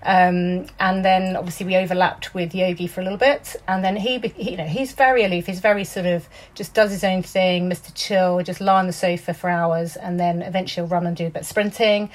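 A woman hosting a casual podcast interview, chatting quickly with fillers. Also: fairly low pitch, steady tone. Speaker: podcast host.

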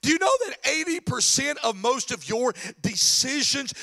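Man preaching, very high voice, gravelly, bright, shouted exhortation. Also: expressive, normal speed. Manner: preaching with swings from soft mockery to shouted exhortation. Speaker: pastor. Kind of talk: sermon.

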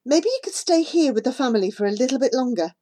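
A woman's voice: high voice, animated, fast, dark tone, pitched above the performer's own voice. A woman reading the part of a worried, caring young girl who pleads with her friend, in an audiobook. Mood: gentle. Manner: pleading, anxious.

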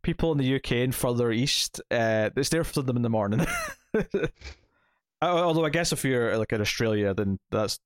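A man co-hosting a podcast outro in an easygoing, halting way, stumbling over fillers and restarts. His voice sits at a middling pitch. The sound is dry and close, with no room around it. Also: smooth, dry recording. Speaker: podcast co-host. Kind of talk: casual podcast chat and outro.

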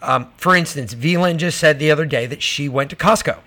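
A man's voice: on the high side, a little fast, pushed and bright. A male podcast co-host ranting casually and profanely about prices and taxes. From Georgia. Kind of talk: casual political chat.

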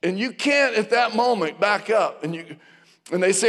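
A man in his fifties with a notably high voice, preaching in a church sanctuary. He tells stories and throws questions out to the congregation, and the sound carries a long hall reverb. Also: normal speed, a bit bright. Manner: storytelling, calls out to the congregation. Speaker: pastor. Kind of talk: sermon.

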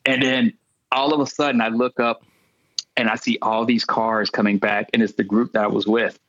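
A male comedian guest telling comic stories in an animated way, acting out the voices of the people in them. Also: on the low side, normal speed, no room sound, highs cut off. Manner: animated, acts out quoted voices. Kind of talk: comic storytelling.

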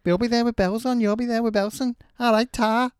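A man voicing a loud, excitable Liverpudlian character in an exaggerated Scouse accent, drawing his words out during a comic sign-off. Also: very high voice, clear, resonant tone, no room sound, studio quality, voice pushed up. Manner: shouty, drawn-out, exaggerated.

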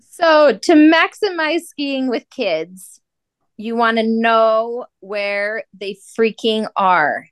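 A woman in her forties from Utah, a podcast guest telling stories in an animated, emphatic, playful way. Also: on the high side, drawn-out words, clean tone, dry recording, studio quality. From Salt Lake City, Utah. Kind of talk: casual storytelling chat.

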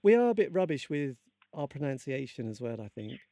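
A man's voice: mid-range voice, big pitch swings, brisk, dark tone, no echo. A man from England hosting a radio show, chatty, polite and eager. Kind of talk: radio interview and sign-off.

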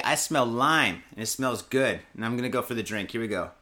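A man's voice: mid-range voice, fairly quick, few pauses, pushed and bright. A man hosting a podcast, telling rambling, profane stories in casual chat. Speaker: podcast host.

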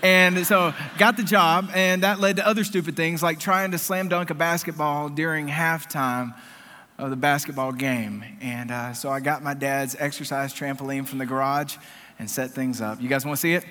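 A man's voice: fairly high pitch, steady tone, moderate pace, sharp tone, long reverb tail, a little hiss or hum. A man in his thirties giving a sermon-style talk to students, shifting from self-deprecating stories to earnest, emphatic points. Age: 30s. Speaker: speaker addressing students.

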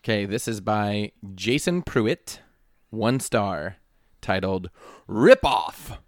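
Deadpan man reading reviews aloud. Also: fairly low pitch, takes it slowly, no room sound, studio quality. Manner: deadpan reading, mock-dramatic when quoting. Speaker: podcast co-host. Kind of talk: casual podcast chat, reading out reviews.

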